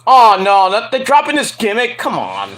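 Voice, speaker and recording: A man hosting a casual podcast, rambling and joking while he watches a game, with loud outbursts. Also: sits high, wildly swooping pitch, moderate pace. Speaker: podcast host.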